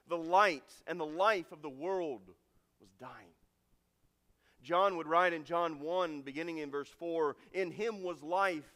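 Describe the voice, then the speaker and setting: A man preaching a sermon with dramatic swings from loud, emphatic lines to hushed endings. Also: a little high. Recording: long reverb of a large hall.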